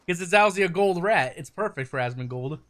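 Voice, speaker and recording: A man's voice: sits high, animated, fast, a bit bright, dry recording. A man casually chatting on his gaming stream, rambling and swearing freely as he talks through the game.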